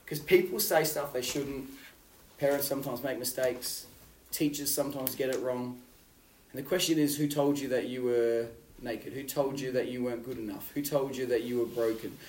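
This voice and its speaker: Animated man preaching in a roomy hall. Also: medium pitch, normal speed, distant mic, slight background noise. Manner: animated storytelling, swinging from loud to hushed. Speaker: youth pastor. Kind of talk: sermon. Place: youth hall.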